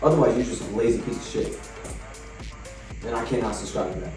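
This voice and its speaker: A man's voice: medium pitch, brisk. A man hosting a podcast, talking bluntly and emphatically with plenty of swearing. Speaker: podcast host. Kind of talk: casual podcast chat. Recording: echoey room, mic far off, faint music.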